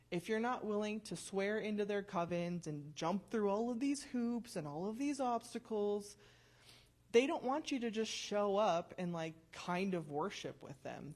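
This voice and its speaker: A woman in her forties giving a personal testimony at church, telling her story in a chatty, animated way. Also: mid-range voice.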